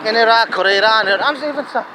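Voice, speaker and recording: A man with a fairly high voice talks earnestly outdoors. He rambles, doubles back and repeats his phrases. Wind buffets the microphone loudly. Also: quick pace. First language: Arabic. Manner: earnest, digressive, repeats himself. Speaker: vlogger. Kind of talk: casual outdoor monologue. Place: outdoors in a city. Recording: wind noise on the mic.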